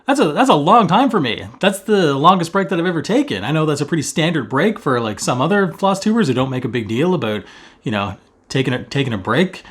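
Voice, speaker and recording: A man chats straight to the camera from his home in a hammy, fast-talking way. His voice sits a little high and leaps all over the place. He keeps mocking himself with big theatrical flair. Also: sing-song, fairly bright tone, husky. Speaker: cross-stitch vlogger host. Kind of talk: casual chat vlog. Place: at home, indoors. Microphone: camera facing him while seated.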